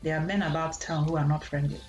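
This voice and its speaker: A woman from Nigeria giving a casual psychology lesson, animated and acting out parents' voices. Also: low-pitched, fast talker, muffled recording. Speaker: psychology lecturer. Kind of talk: casual teaching talk. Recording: echoey room with faint music.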